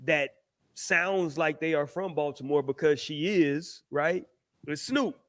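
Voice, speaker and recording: A man's voice: fairly high pitch, slow pace, dry recording. A man, co-hosting a relationship podcast in laid-back, slangy, chatty talk. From Texas. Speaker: podcast co-host. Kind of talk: casual chat.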